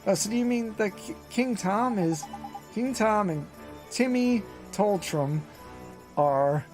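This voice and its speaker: A man's voice: high voice, lively intonation, slow pace, a little mellow, faint music behind, voice pushed up. A man voicing an earnest, polite young boy hero who asks puzzled questions. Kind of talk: reading game dialogue aloud.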